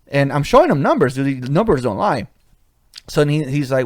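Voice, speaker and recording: A man's voice: medium pitch, very animated, fairly quick, no echo, studio quality. A man hosting a podcast, telling a cocky work story in a casual, profane way. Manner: profane, swaggering anecdote-telling. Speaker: podcast host.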